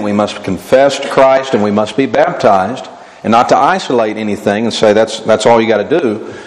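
A man preaching a sermon, asking rhetorical questions and answering them, voicing imagined objectors as he goes. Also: medium pitch. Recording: long hall reverb.

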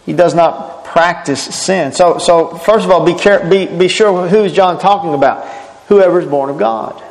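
A man's voice: high voice, normal speed, creaky, long reverb tail, rough recording. A man preaching a sermon, earnest and emphatic, often restarting his phrases.

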